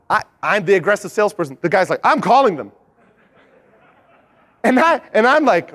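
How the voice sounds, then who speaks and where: A young man speaking at a conference, telling a lively sales story, swearing freely and acting out the other people's lines. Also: high voice, moderate pace, long pauses. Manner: animated, swears, acts out quoted voices. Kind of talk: energetic storytelling talk. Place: conference stage.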